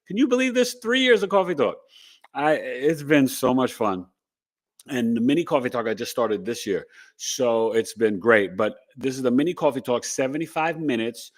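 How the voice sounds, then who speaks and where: Chatty rambling male podcast host. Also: mid-range voice. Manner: rambling, upbeat, chatty with asides to viewers. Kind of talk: casual livestream chat.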